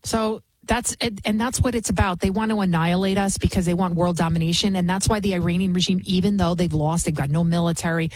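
Husky-voiced woman in fervent commentary. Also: on the low side, steady tone, quick pace, hardly any pauses, darkish tone, dry recording. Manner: fervent, emphatic, with frequent restarts. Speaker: talk show host. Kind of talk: opinionated political commentary.

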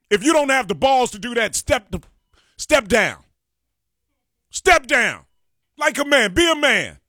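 A man's voice: very high-pitched, very animated, measured pace, long pauses, bright, forceful tone, dry recording, studio quality. A man hosting a Chicago talk radio show, ranting with fiery passion and hammering his points through repetition, with a Chicago accent. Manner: fiery, preachy, repeats phrases for emphasis. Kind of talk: impassioned political talk radio rant. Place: radio studio. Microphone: studio microphone.

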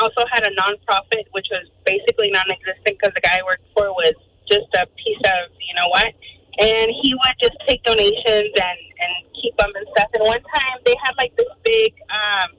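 A woman calling into a radio show, telling a story in a lively way and acting out the people in it. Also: a little high. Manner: animated, quotes people in voices. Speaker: caller. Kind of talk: phone-in storytelling. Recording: phone line with faint noise.

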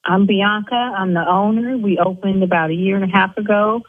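A woman who owns an eyelash salon, arguing indignantly on a phone call, her voice climbing high when she gets angry. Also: brisk, hardly any pauses, breathy edge, no room sound. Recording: tinny phone line.

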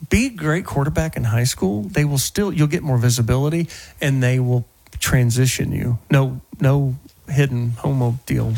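A man hosting a radio talk show, joking and telling stories in a casual, animated way from the studio. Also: mid-range voice, normal speed, gravelly. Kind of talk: casual sports radio chat.

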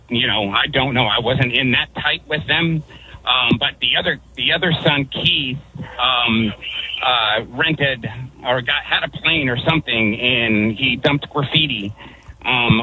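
A man from Connecticut calling into a radio show, rambling through a story with many pauses and restarts. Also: mid-range voice, sharp tone, slight background noise, rough recording. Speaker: caller. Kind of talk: phone-in storytelling.

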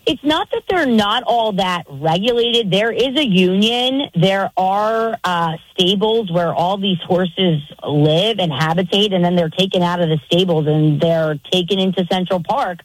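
A woman with a New York accent, a guest reporter explaining things on a radio show in a brisk way. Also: mid-range voice, rough recording. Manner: brisk, explanatory, laughs easily. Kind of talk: casual radio chat.

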